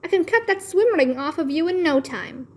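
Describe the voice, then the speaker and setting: A woman voicing a patient, firm mother in a children's storybook, speaking calmly and matter-of-factly. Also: extremely high pitch, normal speed, voice pushed up. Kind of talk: children's storybook read-aloud.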